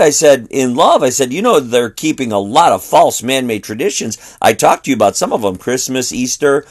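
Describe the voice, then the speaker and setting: A middle-aged man, a traveling street preacher, telling a story and quoting both sides of a conversation. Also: mid-range voice.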